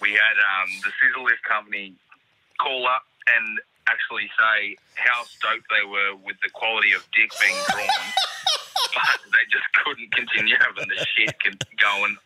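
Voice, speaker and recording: A man's voice: on the low side, sing-song, a little slow, sharp tone, a little hiss or hum. A man calling in to a podcast, laughing as he tells a crude work story. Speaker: caller. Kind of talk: phoned-in voicemail story. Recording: dull dry phone line.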